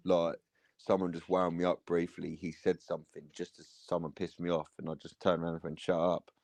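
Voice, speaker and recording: A man's voice: low voice, little pitch movement, fairly quick, darkish tone, no room sound. A man on a football panel, telling a rambling story in casual chat and swearing often. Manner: swears a lot, rambling retelling.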